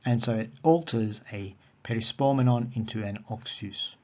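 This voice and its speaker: Guy explaining grammar slow and patient, repeats words, muffled lo-fi sound. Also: on the low side, a little mellow. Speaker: Greek teacher. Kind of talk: recorded grammar lesson. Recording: dull lo-fi audio.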